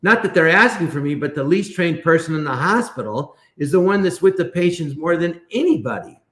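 A man's voice: a little high, lively intonation, brisk, a bit bright. A man telling a long story in a casual, rambling way, often restarting his sentences. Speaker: guest. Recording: echoey room.

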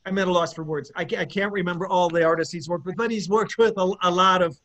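A man, a bass player, chatting as an interview guest in a rambling, enthusiastic way with many fillers and restarts. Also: steady tone, fast talker, fairly bright tone. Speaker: guest musician, bassist. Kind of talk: casual interview chat.

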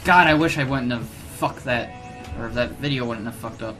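A young man around twenty recording let's play commentary on a headset, excitable and given to loud, swearing outbursts of frustration. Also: mid-range voice, normal speed. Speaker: gaming video host. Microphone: gaming headset. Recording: music playing underneath. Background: background music.

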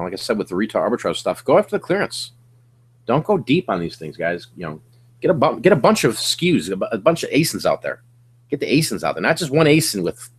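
A middle-aged man hosting a casual livestream from his home office, coaching resellers in an energetic, slangy pep-talk manner. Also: fairly low pitch, slightly rough.

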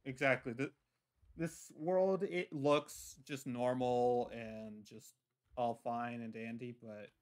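A man roleplaying a god-like character in a livestream, talking slowly and haltingly with plenty of ums and restarts. His voice is smooth and resonant, at an ordinary middle pitch. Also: fairly even intonation. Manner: halting, many fillers and restarts. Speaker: lore roleplayer playing a god figure. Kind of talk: casual roleplay chat.

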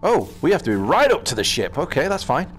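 A British man casually commenting as he plays a VR game, chatting to himself with quick exclamations. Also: a little high, wildly swooping pitch, soft background music. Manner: chatty, talks to himself while playing, exclamations. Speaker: gaming channel host.

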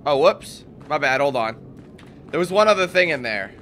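A man's voice: fairly high pitch, big pitch swings, moderate pace, fairly bright tone, a little hiss or hum. A young man casually commentating a game, chatty and swearing when frustrated. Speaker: gameplay commentator. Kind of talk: casual let's play commentary.

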